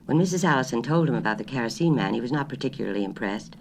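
Storybook narrator; measured, expressive reading with an animated, shifting pitch. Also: creaky, slight background noise. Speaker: audiobook narrator.

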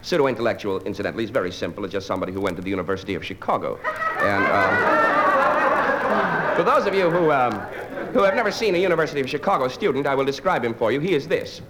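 A man's voice: mid-range voice, very animated, fast talker, loud music behind the voice. A man doing a live stand-up routine, dry and digressive, bantering with the audience. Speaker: stand-up comedian. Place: live club before an audience. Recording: noisy live recording.

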